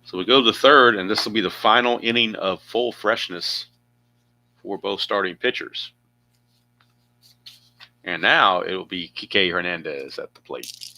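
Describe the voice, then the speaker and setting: A man's voice: deep voice, unhurried, pauses often, sharp tone. A man narrating his own tabletop baseball game play by play, chatty and thinking aloud with asides.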